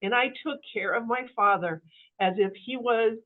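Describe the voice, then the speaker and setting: A woman guest telling her life story in an interview, animated and full of fillers, acting out the voices of the people in it. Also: fairly high pitch, normal speed. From Kansas City area, US. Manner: animated, acts out quoted voices, many fillers. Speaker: podcast guest. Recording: phone-like narrow audio.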